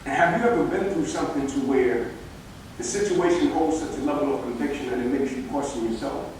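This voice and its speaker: A man giving a motivational speech and telling personal stories, talking with animated emphasis that builds to near-shouting. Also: mid-range voice, brisk, a little hiss or hum. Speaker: motivational speaker. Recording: echoey hall picked up from far off.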